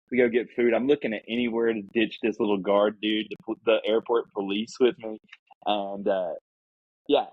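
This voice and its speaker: A man telling a story casually as a podcast guest, animated and acting out the people he quotes. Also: fairly low pitch, slightly rough, dry recording, muffled recording.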